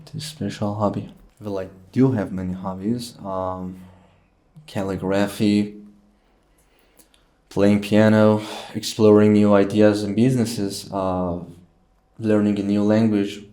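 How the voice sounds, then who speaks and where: Low, mellow-voiced young man being interviewed. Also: flat delivery, slow pace, pauses often. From Iran. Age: young adult. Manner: playful, hesitant, lots of fillers. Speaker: guest. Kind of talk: casual interview chat.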